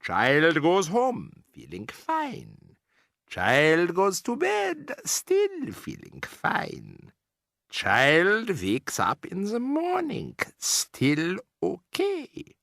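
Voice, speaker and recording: A man voicing a ruthless, gloating female witch leader in an audiobook, shouting triumphantly in broken grammar. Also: high-pitched, wildly swooping pitch, drawn-out words, gravelly, no room sound, pitched above the performer's own voice, exaggerated voice. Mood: scheming. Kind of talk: audiobook character voice.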